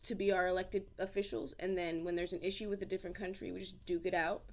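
A woman's voice: fairly low pitch, little pitch movement, fast, darkish tone. A young adult woman telling stories in a casual podcast chat. She rambles, swears, and fills her talk with "like". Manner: rambling, profane, filler-heavy storytelling.

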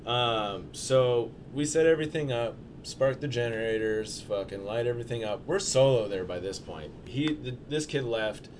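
A young man spinning a long anecdote in casual podcast chat, his voice sitting at an ordinary middle pitch. He talks in a loose, rambling way, full of fillers, restarts and casual swearing. A faint hiss sits under the recording. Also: normal speed, few pauses. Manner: profane, rambling storytelling with many fillers. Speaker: storyteller on a podcast.

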